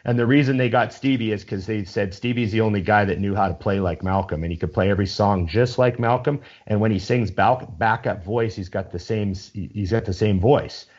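A man's voice: lowish voice, fairly quick, few pauses, darkish tone, slightly rough, lo-fi sound. A man in casual chat, rambling with enthusiasm and swearing freely as he talks.

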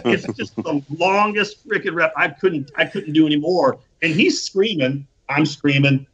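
A man casually telling an animated, profane anecdote and acting out the quotes. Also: a little high, unhurried, husky. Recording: dull lo-fi recording.

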